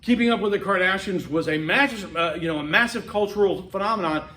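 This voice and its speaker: A man with a fairly high voice lectures to a class in a loose, chatty way, trailing into fillers and restarting his sentences. The sound rings around a reverberant classroom. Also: fast, sharp tone. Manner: conversational, rambling with many fillers and restarts. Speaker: college instructor.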